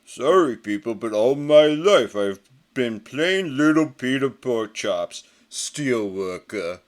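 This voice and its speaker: Man doing a slow, surly strongman pig. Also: mid-range voice, expressive. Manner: slow, drawling, menacing.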